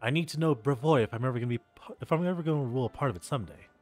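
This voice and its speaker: A man voicing a polite, eager young male noble heir with a smooth, earnest manner, reading game dialogue aloud. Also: mid-range voice, expressive, racing, a little mellow, close to an everyday voice. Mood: courteous.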